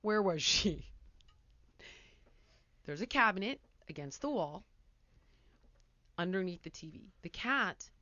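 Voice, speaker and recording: A woman talk show host telling a story in a casual, animated way, acting out scenes as she goes. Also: lowish voice, moderate pace, pauses often, no echo, muffled recording. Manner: animated, laughs mid-sentence, acts out scenes.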